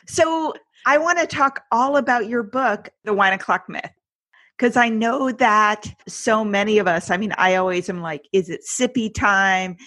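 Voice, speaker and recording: A woman's voice: a little high, normal speed, fairly bright tone, no echo. A woman hosting a podcast interview, chatty and enthusiastic as she introduces and questions her guest. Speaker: podcast host.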